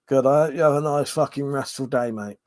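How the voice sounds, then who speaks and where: A man's voice: mid-range voice, fairly quick, darkish tone. A man hosting a casual live stream, reading out viewer comments in a rambling, sweary, jokey way, yawning and short of breath.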